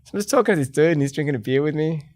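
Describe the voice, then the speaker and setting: A man's voice: a little high, rapid-fire. Middle-aged Australian man telling stories. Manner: lively anecdotes, acts out quoted voices. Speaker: podcast guest. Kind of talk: casual storytelling.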